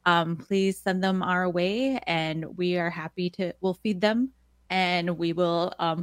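A woman's voice: on the low side, no room sound, clean studio sound. Laughing, friendly female radio guest. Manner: friendly, laughs often, informal fillers. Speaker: program manager guest. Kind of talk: casual radio interview.

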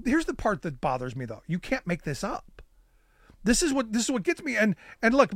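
A man co-hosting a political talk chat, sarcastic and animated, often repeating words as he starts a thought. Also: sits high, no echo, clean studio sound. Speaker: podcast co-host.

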